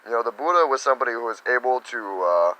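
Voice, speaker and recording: A man teaching meditation in a casual spiritual talk, animated and slipping into little quoted voices. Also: medium pitch, fast talker, low-quality recording.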